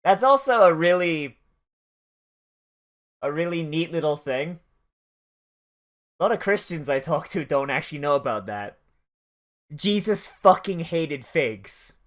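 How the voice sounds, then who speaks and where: A streamer riffs over an episode, swearing freely and drifting from one tangent to the next. The delivery is loose and conversational, at a middle pitch. The host talks as if to friends watching along. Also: lively intonation, unhurried, long pauses. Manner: profane, rambling and tangential storytelling. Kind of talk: casual commentary while watching an episode.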